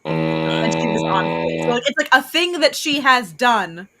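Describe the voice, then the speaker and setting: A woman's voice: low voice, sing-song, unhurried, music in the background. A woman co-hosting a casual reality-TV podcast, playful and mock-dramatic. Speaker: podcast co-host. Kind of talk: casual chat.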